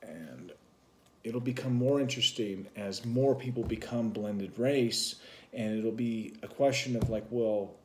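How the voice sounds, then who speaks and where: A man's voice: fairly low pitch, unhurried, a little mellow. A man co-hosting a vlog, talking casually and musing at length in a loose, rambling explanation. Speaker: vlog co-host.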